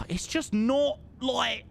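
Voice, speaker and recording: A man's voice: very high voice, very slow, creaky, slight background noise. A young man, chatting casually with viewers on a live stream and thanking them by name.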